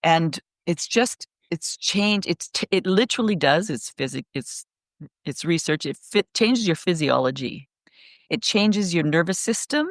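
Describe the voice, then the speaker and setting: A middle-aged woman on a remote call, telling stories in a rambling, animated way, full of restarts. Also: on the low side, a little slow, no room sound, clean studio sound. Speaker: guest speaker. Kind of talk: casual podcast conversation.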